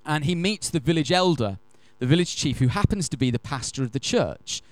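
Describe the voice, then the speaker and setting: A man preaching a sermon. He tells stories in an animated, emphatic way and slows down to stress key phrases. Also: a little high, no room sound. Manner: animated, emphatic storyteller who acts out quotes. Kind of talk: sermon with storytelling.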